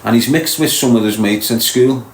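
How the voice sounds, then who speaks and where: A man's voice: mid-range voice, moderate pace, echoey room, rough recording. A man from Liverpool with a Scouse accent, hosting a live stream and lecturing his viewers bluntly. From Liverpool, England. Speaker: podcast host.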